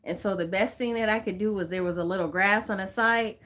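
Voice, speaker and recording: A woman's voice: mid-range voice, fairly quick, fairly bright tone. A woman from Southern California hosting a casual livestream, chatting and greeting viewers by name with frequent laughs. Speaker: livestream host.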